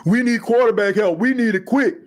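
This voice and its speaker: A man hosting a sports podcast, talking in an animated, slangy way and reacting to viewer comments. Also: sits high, a little fast. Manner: animated, slangy, reads chat comments aloud. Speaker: podcast host.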